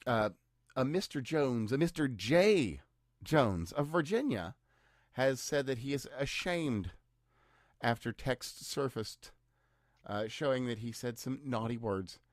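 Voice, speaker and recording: A man's voice: medium pitch, animated, takes it slowly, no room sound. A man co-hosting a podcast, giving news commentary in a dry, sarcastic way with mock-cheerful asides. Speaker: podcast co-host.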